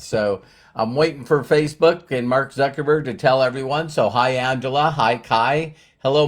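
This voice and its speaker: A man hosting a live stream, chatting to viewers, greeting them by name and using lots of fillers. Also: medium pitch. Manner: uses many fillers and repeats words. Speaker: livestream host.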